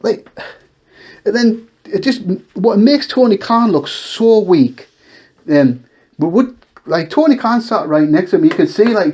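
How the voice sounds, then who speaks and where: A man holding forth on his own show, his voice climbing high whenever he gets worked up. He talks in an exasperated, ranting way, full of rhetorical questions. The recording sounds dull and lo-fi. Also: animated, measured pace, long pauses, darkish tone. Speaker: wrestling commentary host. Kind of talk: casual opinion talk.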